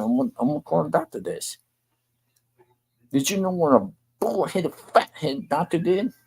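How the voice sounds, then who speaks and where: A man's voice: mid-range voice, vocal fry, darkish tone, husky, low-quality recording. An older man, hosting a talk show and complaining bluntly and repetitively. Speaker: show host. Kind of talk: venting monologue to camera.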